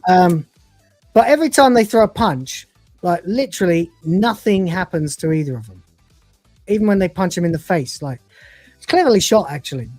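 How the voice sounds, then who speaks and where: A woman's voice: fairly low pitch, lively intonation, normal speed, a little mellow, dry recording, faint music behind. A woman co-hosting a casual livestream review, retelling scenes and acting out the characters' lines with put-on voices. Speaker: podcast co-host reviewing episodes.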